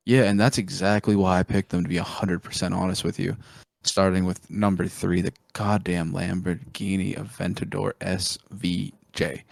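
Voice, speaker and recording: A man's voice: low-pitched, little pitch movement, moderate pace, vocal fry, dry recording. A man co-hosting a podcast, chatting casually and enthusiastically about cars, swearing freely as he rambles. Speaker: podcast co-host. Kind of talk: casual chat.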